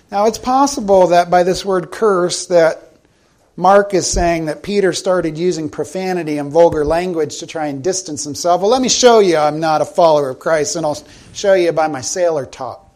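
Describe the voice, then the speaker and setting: A middle-aged man from South Carolina, preaching a sermon in a conversational storytelling way and slowing down for emphasis. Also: a little high, darkish tone. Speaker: pastor.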